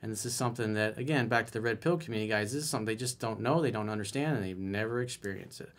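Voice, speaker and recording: Speaking at a racing pace in a fairly low voice, a man offers dating advice as a coach in a solo video. He reads out a viewer's email and responds with blunt, emphatic commentary.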